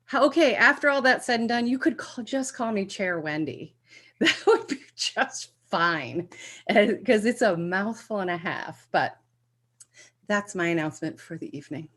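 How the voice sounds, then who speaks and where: A woman's voice: medium pitch, expressive, moderate pace, fairly bright tone. A woman chairing a public meeting over a video call, making playful, teacherly announcements. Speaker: commission chair.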